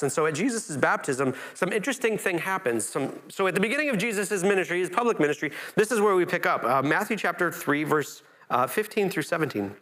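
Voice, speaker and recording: A man's voice: on the high side, lively intonation, fast talker, few pauses, a bit bright. Man preaching in a conversational sermon. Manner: conversational preaching with frequent restarts, voice rising when quoting Scripture. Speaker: pastor.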